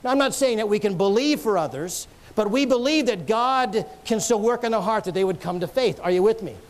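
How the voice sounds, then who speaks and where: A man with a high voice delivers a sermon. He preaches earnestly, tells stories and joins in with light jokes for the congregation. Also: animated, brisk.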